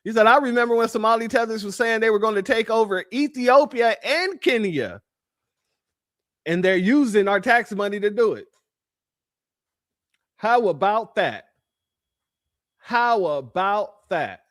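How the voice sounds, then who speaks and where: A man hosts a livestream, talking to his chat in an emphatic commentary style. His voice sits high for a man, and he drives points home by repeating them. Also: animated, normal speed, a bit bright. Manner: emphatic, repeats phrases, addresses chat as family. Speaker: livestream host.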